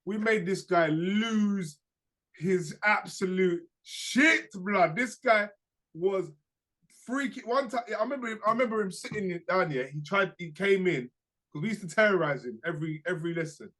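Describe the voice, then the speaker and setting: Young guy on a podcast, high bright voice, slangy and animated, tells stories w laughs. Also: moderate pace. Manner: animated storytelling, slangy, laughs through anecdotes. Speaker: podcast co-host. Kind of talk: casual chat.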